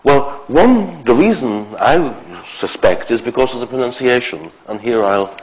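A man giving an academic lecture, explaining step by step in short phrases with pauses. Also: mid-range voice, expressive, low-quality recording.

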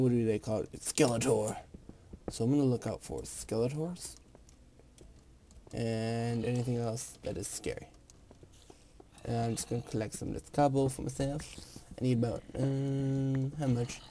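A young man giving casual let's play commentary while gaming, excitable, swearing and gasping. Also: medium pitch, normal speed, slight background noise. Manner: excitable, swears, gasps and sings jokingly. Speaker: gamer.

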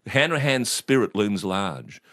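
A man's voice: lowish voice, very animated, measured pace, a bit bright, no echo, clean studio sound. A man in his fifties with an Australian accent, telling rambling anecdotes in an interview and often laughing. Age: 50s. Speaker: guest. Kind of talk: casual storytelling interview.

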